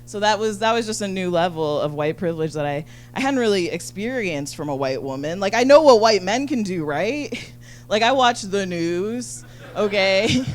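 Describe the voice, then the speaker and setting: A woman doing a stand-up comedy set on a handheld mic, talking rapidly and profanely with lots of "like". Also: mid-range voice, lively intonation, faint music behind. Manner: rapid, chatty, full of "like" and profanity. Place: comedy venue.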